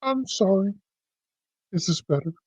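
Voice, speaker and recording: A man's voice: high-pitched, expressive, unhurried, breathy edge, no room sound. A man co-hosting a livestream, jokey and fond of putting on silly voices. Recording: dull lo-fi sound.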